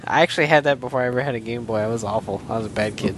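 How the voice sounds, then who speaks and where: A man co-hosting a casual chat among friends, swearing freely and ranting with animated energy. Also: mid-range voice, very fast, background noise. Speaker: podcast co-host.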